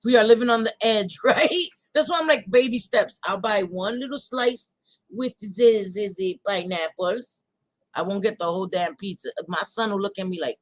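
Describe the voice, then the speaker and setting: A woman's voice: medium pitch, moderate pace, dry recording, low-quality recording. A woman hosting a casual live chat with her viewers, talking bluntly and laughing often, with some swearing. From New York. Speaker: livestream host chatting with viewers.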